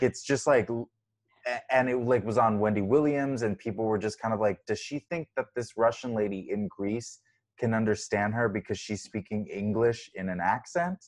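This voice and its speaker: A man's voice: fairly low pitch, normal speed, darkish tone. A man co-hosting a podcast in casual chat, jokey and rambling with many fillers. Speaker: podcast co-host.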